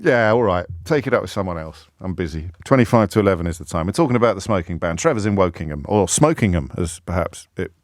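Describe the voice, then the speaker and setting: Wry radio host, dry studio sound. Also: male voice, deep voice, lively intonation, fast talker, hardly any pauses, no room sound. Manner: wry, self-mocking storytelling. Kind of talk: radio phone-in talk. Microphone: studio microphone.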